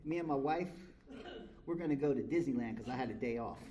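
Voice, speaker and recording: A man's voice: mid-range voice, fast talker, warm tone, a little hiss or hum, low-quality recording. A middle-aged man from California speaking at a recovery meeting, telling his story to a live crowd in a blunt, frank and profane way. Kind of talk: candid storytelling to a live audience. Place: convention meeting room.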